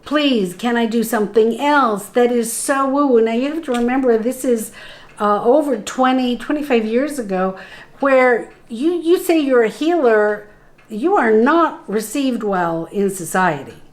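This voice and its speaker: Animated middle-aged woman telling a story. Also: on the high side, unhurried. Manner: animated, acts out quoted voices, laughs while telling. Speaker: spiritual guide. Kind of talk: storytelling in conversation.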